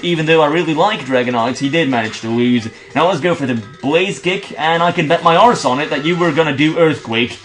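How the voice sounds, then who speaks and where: Excitable young man commentating a game. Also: on the high side. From Belgium. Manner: swears and grumbles at the game. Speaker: video game let's play host. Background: faint game music.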